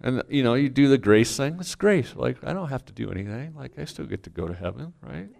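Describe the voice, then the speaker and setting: A middle-aged man, a pastor, telling a candid family story to a congregation, self-mocking and swinging from quiet asides to loud punchlines. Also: mid-range voice, expressive, fairly quick, gravelly. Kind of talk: storytelling sermon.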